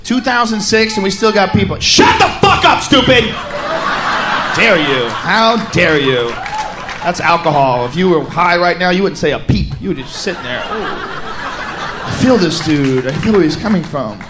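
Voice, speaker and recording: A man doing a loud, profane stand-up comedy set, often shouting and laughing. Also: high voice, expressive, normal speed, over music. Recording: live club recording with crowd noise. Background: audience noise.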